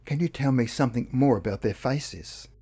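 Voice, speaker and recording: A man voicing a calm male psychologist who patiently questions a hypnotized patient in a dramatized interview reading. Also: medium pitch, slightly rough. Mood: steady, probing. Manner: slow, patient, probing questions.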